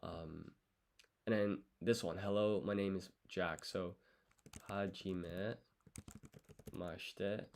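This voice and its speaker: Man, study session, talks very slowly, drags out each syllable, mutters corrections, faint clicking behind. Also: sits low, steady tone, a little mellow, slight background noise. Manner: sounds out foreign words slowly, syllable by syllable. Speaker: language learner streaming his study. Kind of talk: thinking-aloud study session.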